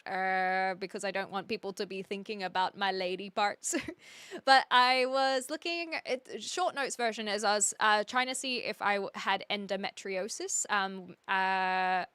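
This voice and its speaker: Bright, crisp woman streamer. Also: mid-range voice, dry recording. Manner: chatty, rambling, frequent restarts and laughs. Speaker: game streamer. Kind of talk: casual chat with live viewers. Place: home attic.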